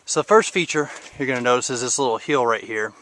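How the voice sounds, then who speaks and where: A man's voice: medium pitch, fast talker, sharp tone. A man, a podcast host, casually walking through his rural property outdoors on a camera mic, a little out of breath and rambling with many fillers. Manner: rambling, filler-heavy, pointing things out. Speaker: podcast host giving a garden tour. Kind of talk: casual outdoor video tour.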